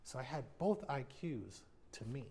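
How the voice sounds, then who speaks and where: A man's voice: medium pitch, big pitch swings, moderate pace, darkish tone. An American man in his fifties, a guest in a sit-down TV interview, speaking candidly and reflectively. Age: 50s. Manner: candid, reflective, acts out quoted voices. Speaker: interview guest, retired baseball player.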